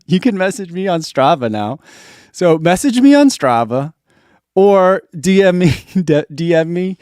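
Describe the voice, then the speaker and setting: A man's voice: fairly high pitch, a little mellow, no room sound, clean studio sound. A middle-aged man, host of a running channel, chatting casually on a live stream, reading out viewer comments and chuckling often. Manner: laid-back, chuckles often, reads comments aloud.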